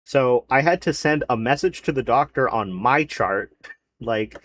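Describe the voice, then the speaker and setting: A man's voice: mid-range voice, lively intonation, unhurried, a bit bright. A man streaming, chatting casually and rambling about his day, swearing freely. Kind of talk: casual chat to a live stream chat.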